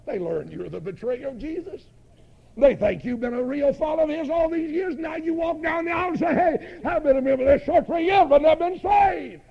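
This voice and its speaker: A preacher doing a sly, needling inner voice. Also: male voice, extremely high pitch, a little fast, creaky, muffled recording, pitched above the performer's own voice. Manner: needling, mocking. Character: sly tempting inner voice, male.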